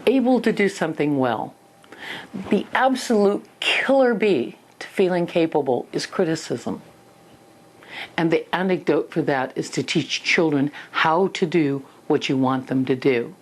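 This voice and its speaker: An older woman giving a parenting lesson, telling personal stories earnestly and acting out little scenes. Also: low voice. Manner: earnest storytelling, acts out scenes. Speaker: parenting teacher.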